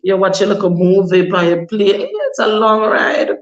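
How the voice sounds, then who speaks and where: A woman's voice: medium pitch, steady tone, moderate pace, highs cut off. Chatty Jamaican woman in echoey room. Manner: chatty, advising, slips into patois. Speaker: vlogger. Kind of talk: casual advice vlog.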